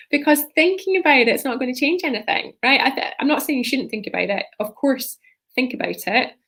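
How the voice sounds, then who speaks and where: A woman's voice: sits high, normal speed, a bit bright, husky. A woman leadership coach talking on a live stream in a loose, rambling way, often tagging her sentences with "right?".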